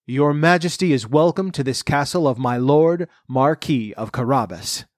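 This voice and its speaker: A man voicing a sly, scheming male cat in boots in a storybook, speaking smoothly and courteously. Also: medium pitch, normal speed, dry recording, clean studio sound, natural voice. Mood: courtly.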